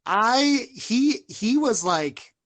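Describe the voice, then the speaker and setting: A woman in casual podcast chat, telling a quick, candid story in a wry tone. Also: on the high side, sing-song, a bit bright.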